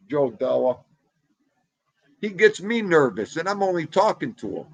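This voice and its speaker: Husky, slow New man, loud, chatty livestream host, dry room. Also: on the high side, dry recording. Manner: animated, talks loudly, greets chatters by name. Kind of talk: casual livestream chat reading comments. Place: home room.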